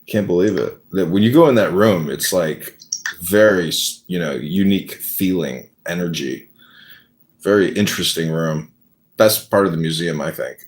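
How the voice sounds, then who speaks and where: A man's voice: low-pitched, moderate pace, poor audio. A man hosting a casual livestream, teasing and theatrical. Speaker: livestream host.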